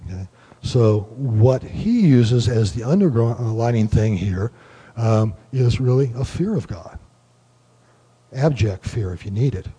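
A man giving a relaxed Bible study lecture, explaining word meanings and thinking aloud with many fillers. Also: mid-range voice, takes it slowly, husky. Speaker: Bible teacher.

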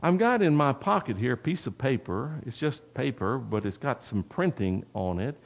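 A man's voice: mid-range voice, sing-song, normal speed, creaky. A man preaching a sermon, folksy and talking straight to the congregation, with a personal story. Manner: folksy, addresses the congregation directly. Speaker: pastor.

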